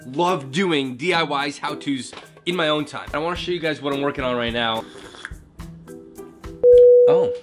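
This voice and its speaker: A man's voice: on the high side, moderate pace, long pauses, fairly bright tone, faint music behind. A young man chatting casually in a vlog, playful and self-mocking as he talks to his viewers. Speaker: vlogger. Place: home, later in a car.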